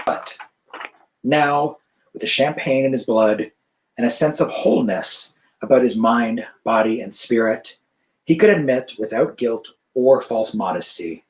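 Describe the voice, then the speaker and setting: A male author reading his novel aloud over a video call in an even, measured narration. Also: medium pitch, poor audio.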